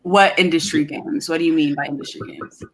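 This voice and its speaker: A woman's voice: low voice, steady tone, a little fast, a little hiss or hum. A woman hosting a casual interview, asking questions in a friendly, encouraging way. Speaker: interview host.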